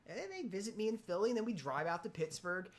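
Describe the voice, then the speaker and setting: A woman in casual chat, telling anecdotes with animated, lively quoted reactions. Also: mid-range voice, fast.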